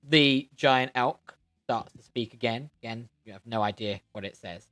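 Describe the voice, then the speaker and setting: A man's voice: medium pitch, normal speed, pushed and bright, soft background music. A man acting as game master, describing scenes at length and searching for words. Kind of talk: narrating a tabletop game.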